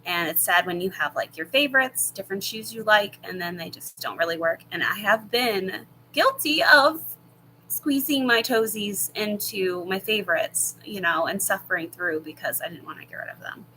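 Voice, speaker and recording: Bright-voiced chatty woman host. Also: mid-range voice, animated, normal speed, slight background noise, low-quality recording. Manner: chatty and rambling, many fillers and laughs. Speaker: channel host answering viewer questions. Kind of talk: casual live chat. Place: at home. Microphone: laptop.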